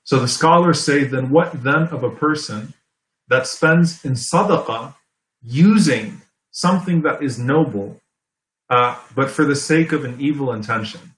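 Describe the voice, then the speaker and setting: A man's voice: medium pitch, fairly bright tone. Echoey, conversational male preacher. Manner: conversational, explanatory, checks in with "okay?" and "right?"; recites Quranic Arabic quickly between English explanations. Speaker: Islamic preacher. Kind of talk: sermon lecture.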